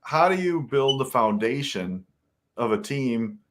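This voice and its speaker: A male host chatting loosely on a podcast, easygoing and quick to laugh. His pitch sits in an ordinary middle range. He tosses in jokes and warm greetings to the people watching. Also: animated, slight background noise. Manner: jokey, laughs often, greets live viewers. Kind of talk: casual chat.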